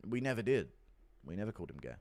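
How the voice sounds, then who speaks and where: Blunt streamer reading donation messages, pitch jumping all over. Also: male voice, big pitch swings, fast talker, a little mellow. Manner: blunt, crude, offhand. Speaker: livestream host. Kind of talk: casual chat reading donations.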